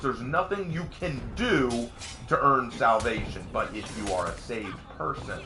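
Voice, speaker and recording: A man streaming live, casually answering viewer questions at length, sometimes ranting with rising excitement and sometimes explaining earnestly with restarts. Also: medium pitch, a little slow, faint music behind. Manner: rants with rising, excited emphasis.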